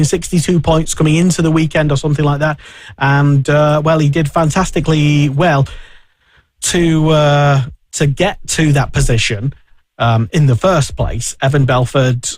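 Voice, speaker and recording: A man's voice: fairly high pitch, no echo. A man hosting a casual motorsport radio chat, talking in a rambling way with many fillers and restarts. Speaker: radio show host.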